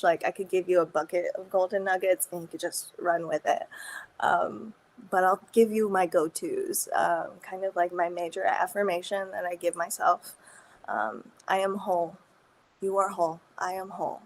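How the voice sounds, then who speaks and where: Earnest giggly woman guest. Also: medium pitch. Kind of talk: casual interview chat.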